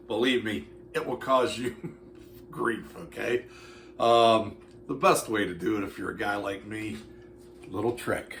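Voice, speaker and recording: A man's voice: lowish voice, measured pace, long pauses, fairly bright tone, roomy sound, a little hiss or hum. A man demonstrating a recipe in a casual cooking vlog, folksy and joking as he talks straight to his viewers. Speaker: home cooking vlogger. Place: home kitchen.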